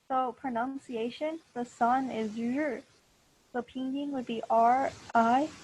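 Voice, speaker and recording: A woman's voice: on the high side, darkish tone, husky, dull audio. A woman teaching a language class online over a video call, patient and encouraging, with many fillers. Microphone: computer mic on a video call.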